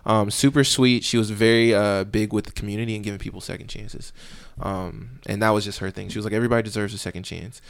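A man's voice: fairly low pitch, a little fast, creaky, hardly any pauses, dry recording. A young man, a police officer, telling stories in casual podcast talk and acting out the voices of the people in them. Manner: animated, acts out voices in his stories.

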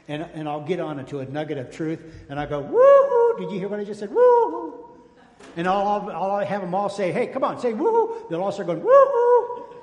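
High-voiced folksy pastor preaching. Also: male voice. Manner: folksy, jokey preaching with call-outs to the congregation. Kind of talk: sermon. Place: church sanctuary. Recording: echoey church hall.

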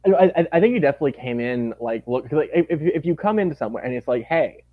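Podcast guest, man, gushing and lively, lo-fi dry recording. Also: mid-range voice, very fast, no room sound. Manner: animated, gushing, acts out quotes. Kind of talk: casual chat.

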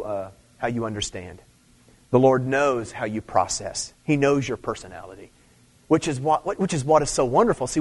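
A man preaching a sermon in a casual, conversational way, repeating phrases, checking in with "okay?", and rising to loud emphatic stress. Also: medium pitch. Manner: conversational, repeats himself, frequent "okay?" and "see"; rises to loud emphatic stress on key points. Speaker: pastor.

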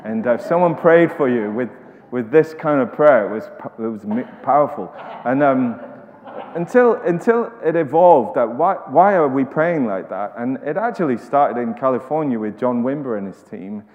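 A man's voice: mid-range voice, animated, moderate pace. A man preaching a sermon in a conversational way, often restarting and repeating words. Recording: echoey hall, slightly dull sound.

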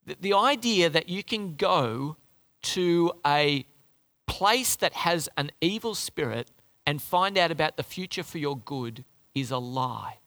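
A man preaching a sermon in an animated, conversational way, often restarting his phrases. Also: a little high, a little slow.

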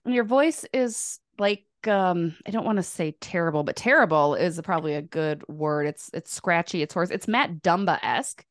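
A woman's voice: on the low side, moderate pace, few pauses, no echo, clean studio sound. A woman co-hosting a podcast, teasing her co-host and telling funny side stories. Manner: teasing, playful storyteller. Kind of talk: casual chat.

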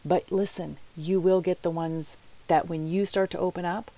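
A woman's voice: lowish voice, fairly even intonation, moderate pace, warm tone. A woman life coach giving motivational podcast talk, chatty and candid, speaking straight to her listeners.

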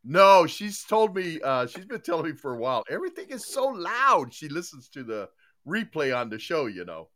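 Older man, podcast host: loose, chummy, rambling, with a lively swinging pitch. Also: moderate pace. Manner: rambling, loose, many fillers and restarts; chummy, folksy greetings to listeners. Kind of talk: casual live podcast chat.

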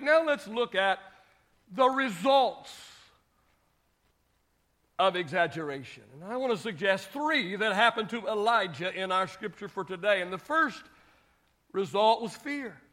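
A male pastor preaching a sermon in an animated way, acting out Bible scenes with humor. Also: sits high, moderate pace.

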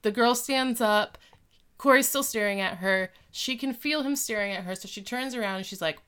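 A woman co-hosting a casual podcast, retelling scenes in an animated way. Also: medium pitch, clear, resonant tone. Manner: animated storytelling with quick acted quotes. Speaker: podcast co-host. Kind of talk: casual chat recapping a show.

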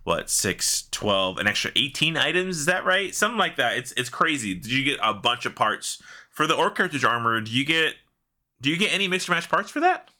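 Male co-host, bright sharp voice with a lively melody, playful questioner. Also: mid-range voice. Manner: quizzical, joking, quick interjections. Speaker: podcast co-host. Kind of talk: casual gaming podcast chat.

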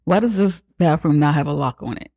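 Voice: mid-range voice, a little fast, dark tone, no room sound. A podcast host giving a casual, slangy, profane movie recap with joking asides.

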